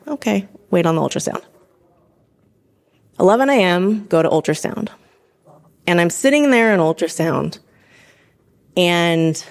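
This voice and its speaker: A woman in her thirties, a physician assistant, telling her own story in an animated way, laughing often and acting out what people said. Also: on the low side. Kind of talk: personal storytelling.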